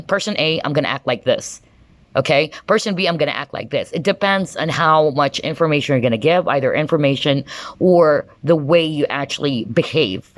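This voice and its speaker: Excitable woman giving a tarot reading. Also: sits low, no room sound. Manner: enthusiastic, excitable, frequent exclamations; chatty, keeps checking in with the viewer. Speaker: tarot card reader. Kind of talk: pick-a-card tarot reading to camera.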